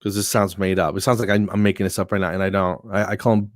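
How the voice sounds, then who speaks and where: Animated man spinning comic stories. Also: deep voice, quick pace, no room sound, clean studio sound. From New Jersey. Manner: animated anecdotes with acted-out quotes. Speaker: comedian guest. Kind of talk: casual storytelling chat.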